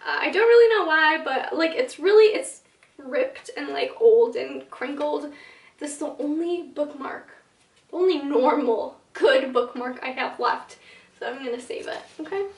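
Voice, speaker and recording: Young adult woman, book vlogger; high voice, chatty, filler-heavy, dramatic asides; echoey room, mic a little distant. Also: measured pace. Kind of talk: casual talking-to-camera vlog.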